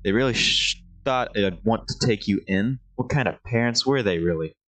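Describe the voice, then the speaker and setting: A man doing a gruff reluctant older sibling. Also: lowish voice, animated, moderate pace, a bit bright. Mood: grudging. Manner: gruff, grumbling.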